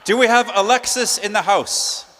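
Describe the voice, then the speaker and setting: An upbeat man emcees a conference prize draw, joking and chatting as he reads out names in a large hall. His high voice sounds pushed and bright at normal speed, with a faint crowd audible and a long hall reverb on the recording.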